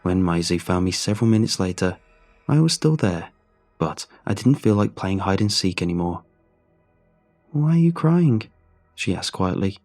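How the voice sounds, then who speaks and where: Low-voiced man reading a horror story. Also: a little mellow. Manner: measured, somber. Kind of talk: scripted horror narration. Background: faint music.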